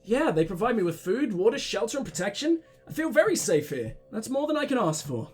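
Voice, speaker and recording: A man's voice: high-pitched, very animated, a little fast, husky, faint music behind, heavily acted. A man reading as a grieving young widow. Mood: polite. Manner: plain dialogue-reading.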